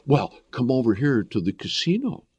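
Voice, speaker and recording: A man's voice: medium pitch, big pitch swings, normal speed, darkish tone, husky, no echo. A man voicing a tempting male spirit that coaxes a gambler on. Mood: coaxing. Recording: dull lo-fi recording.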